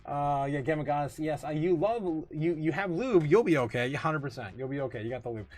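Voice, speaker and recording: Excitable, laughing male livestream host. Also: on the high side. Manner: laughs often, excitable, drawn-out fillers. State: tipsy, recovering from a night of drinking. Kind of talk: casual livestream chat reading viewer comments.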